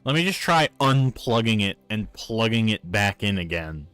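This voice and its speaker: A man's voice: on the low side, sing-song, normal speed, fairly bright tone, clean tone, no room sound. A man with a Newfoundland accent, chatting casually on a live stream and arguing with viewers about his microphone. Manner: exasperated, arguing with chat about his mic.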